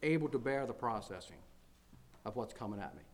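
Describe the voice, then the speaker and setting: A man's voice: mid-range voice, lively intonation, a little fast. A man preaching as pastor to his congregation, earnest, often repeating phrases and building to emphatic declarations. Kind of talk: sermon.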